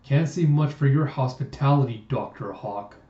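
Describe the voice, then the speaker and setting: A man's voice: medium pitch, normal speed, lightly acted. Man reading as a worn-out, defiant young captive. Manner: blunt and defiant, rising to pleading shouts. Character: young man captive, tired, angry and desperate. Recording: roomy, distant, dull lo-fi sound.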